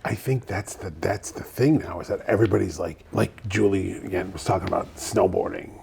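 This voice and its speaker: A man who is a pastry chef guest, talking casually and relaxed in a podcast interview. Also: low voice, brisk, gravelly, a little hiss or hum.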